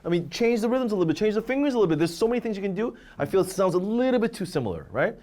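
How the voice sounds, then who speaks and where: Fast-talking violin teacher singing phrases. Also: male voice, high-pitched, sing-song, mellow. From Korea. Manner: sings phrases aloud, asks "right?" often, acts out examples. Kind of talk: masterclass coaching.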